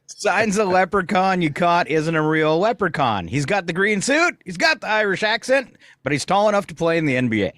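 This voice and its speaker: A man hosting a radio morning show, joking and reading gags with fillers and pauses. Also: high-pitched, sing-song, a bit bright, no room sound, studio quality. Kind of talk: casual radio banter. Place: radio studio. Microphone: studio microphone.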